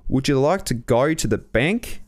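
A brash, swearing Australian surfer bloke, as a man puts him on, loud and blokey in a put-on Australian accent. The pitch swings widely from line to line. It is comic podcast improv. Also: lively intonation, unhurried, lightly acted. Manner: swears freely, crude.

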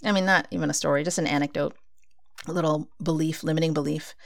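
A woman's voice: deep voice, steady tone, quick pace, vocal fry. A woman giving a casual spiritual talk, speaking conversationally and acting out her own inner dialogue.

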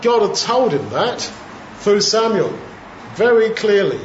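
A man giving an informal, reflective Bible teaching in a conversational way, pausing with fillers as he thinks. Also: high-pitched, very animated, a little hiss or hum. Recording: roomy, dull lo-fi sound.

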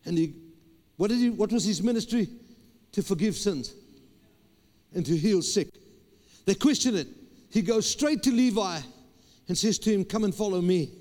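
A man's voice: high voice, lively intonation, moderate pace, long pauses, darkish tone. A man, a pastor preaching a sermon with emphatic repetition and stammered restarts. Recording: long hall reverb.

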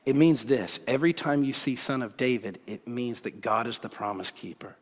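Animated male pastor in a reverberant hall. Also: mid-range voice, normal speed. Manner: casual, animated storytelling with bursts of excitement. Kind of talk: sermon.

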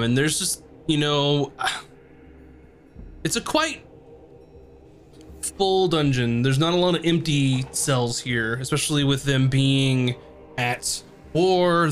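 A man's voice: mid-range voice, a bit bright, slight background noise. Hesitant man narrating a tabletop game. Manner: hesitant, lots of ums. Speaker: game master.

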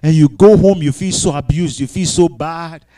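A man preaching a sermon with call-and-response, moving between quiet reading and shouted cries. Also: a little high, normal speed, low-quality recording. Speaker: pastor.

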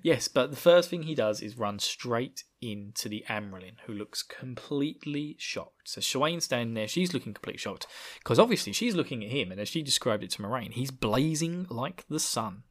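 Casual male podcast host, rambling and jokey, mid-pitched. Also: lively intonation, moderate pace. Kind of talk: casual chapter recap.

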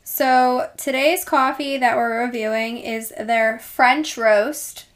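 A woman's voice: on the high side, fairly even intonation, takes it slowly. A young woman with a New Jersey accent co-hosting a casual podcast, upbeat and giggly. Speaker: podcast co-host. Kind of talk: casual chat.

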